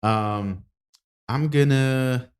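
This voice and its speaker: Upbeat podcast host wrapping up. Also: male voice, mid-range voice, extremely slow, smooth. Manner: upbeat, repeats himself. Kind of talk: casual podcast chat.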